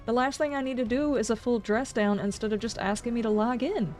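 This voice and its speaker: A woman's voice: on the high side, fairly quick, darkish tone, faint music behind. A woman game streamer chatting casually on a livestream, ranting in exasperation with sarcastic asides.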